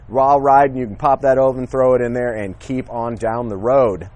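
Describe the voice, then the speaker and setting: Man, dealership presenter, casual outdoor walkthrough, eager and chatty, mid-pitched voice, handheld camera. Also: fairly even intonation, normal speed, a little mellow. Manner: friendly, enthusiastic, with frequent fillers.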